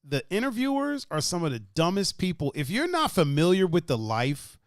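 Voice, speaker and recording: Animated young man telling stories on a podcast. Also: sits high, normal speed, dry recording, clean studio sound. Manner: animated storyteller, swears, laughs often, acts out quotes. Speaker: podcast host. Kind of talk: casual chat.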